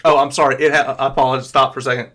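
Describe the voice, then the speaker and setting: A man narrating as game master of a tabletop game, pausing often with fillers as he describes the action. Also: medium pitch, level tone, fairly bright tone. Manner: hesitant, filler-heavy narration.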